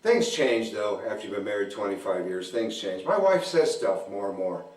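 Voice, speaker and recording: A man in his forties doing stand-up comedy at a church event, telling deadpan stories about his marriage and acting out both sides of the arguments. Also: on the low side, normal speed. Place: church hall. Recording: echoey hall, mic from a distance.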